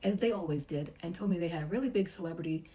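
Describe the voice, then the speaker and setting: A woman's voice: lowish voice, fast, warm tone, low-quality recording. A middle-aged woman, a massage therapist, chattily telling a personal story and acting out the voices she quotes. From United States.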